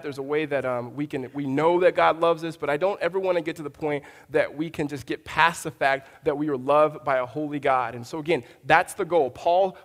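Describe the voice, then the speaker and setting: High-voiced male pastor preaching in a reverberant hall. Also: a bit bright. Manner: conversational, with frequent restarts and storytelling asides. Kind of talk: sermon.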